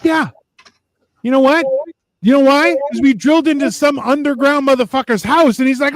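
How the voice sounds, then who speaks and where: High-voiced, swearing male podcast host. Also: normal speed. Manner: profane, ranting, sarcastic. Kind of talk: casual livestream chat.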